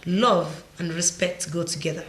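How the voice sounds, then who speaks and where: Female talk show host, lower pitch, measured questioner, faith panel, roomy echo. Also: fairly even intonation, fairly bright tone, a little hiss or hum. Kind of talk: faith-based panel discussion. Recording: echoey room.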